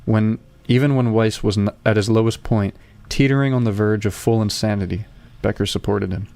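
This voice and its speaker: A man playing a tabletop game, reading his character's notes aloud in a halting way. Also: fairly low pitch, vocal fry, dry recording. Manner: excited, swearing, reading haltingly. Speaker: player.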